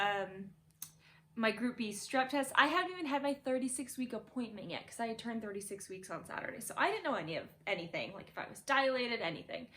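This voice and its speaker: A woman's voice: fairly high pitch, a bit bright. A young woman casually telling a birth story from her bedroom, chatty and laughing, full of "like".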